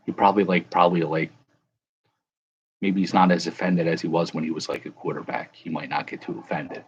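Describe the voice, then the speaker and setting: Man, low husky voice, rambling casual chat, dull lo-fi sound. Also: level tone, a little fast. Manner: rambling, self-correcting, chuckling. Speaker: livestream host. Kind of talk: casual chat reading viewer comments.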